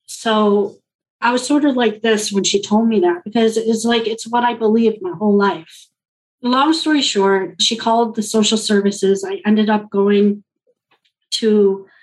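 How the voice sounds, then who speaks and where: A woman from Colombia, a guest in an interview, earnestly and reflectively telling a personal story and quoting others in lively reported speech. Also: mid-range voice, rough recording.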